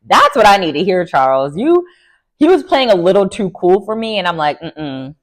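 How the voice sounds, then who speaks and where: A woman giving sassy, opinionated recap commentary on a reality show with lively slangy asides. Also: medium pitch, brisk. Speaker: recap vlogger.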